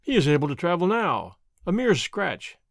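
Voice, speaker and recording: A man's voice: high-pitched, big pitch swings, moderate pace, vocal fry, no room sound, studio quality, exaggerated voice. A man reading aloud as a languid, mocking young Spanish nobleman, in an old adventure storybook, with a drawling, idle delivery.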